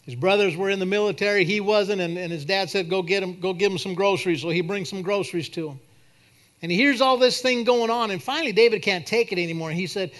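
A man preaching a sermon and leading a prayer at a church service, swinging from loud declarations to quiet prayer. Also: high voice, fast. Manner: preaching, rising to shouts then dropping to a soft prayer. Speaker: pastor.

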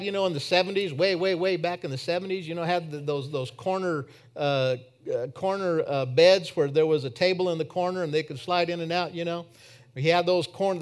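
Male preacher, slightly high voice, sermon testimony, shifts between forceful and quiet delivery. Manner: storytelling, swinging from emphatic to hushed.

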